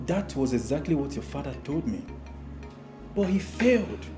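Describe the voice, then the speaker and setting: A Nigerian man playing a wary businessman in a measured, skeptical tone. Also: fairly high pitch, very animated, music in the background. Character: wary businessman refusing a contract.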